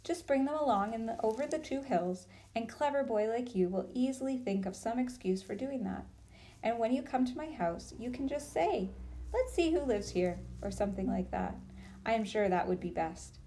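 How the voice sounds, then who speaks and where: A woman reading a storybook and voicing a cold, commanding witch queen who coaxes smoothly. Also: on the high side, lively intonation, normal speed, mellow. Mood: coaxing. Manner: smooth and persuasive.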